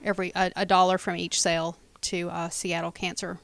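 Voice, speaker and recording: A woman's voice: lowish voice, little pitch movement, fairly quick, creaky, a bit bright, no echo. A woman co-hosting a casual podcast, offering wry, nitpicky commentary on a TV show. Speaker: podcast co-host. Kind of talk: casual fan podcast chat.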